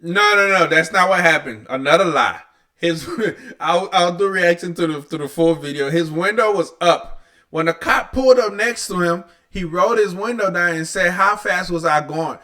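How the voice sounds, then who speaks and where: A man's voice: sits high, moderate pace, bright, forceful tone. A man hosting a reaction video, talking bluntly and with exasperation, with frequent swearing. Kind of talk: casual reaction commentary.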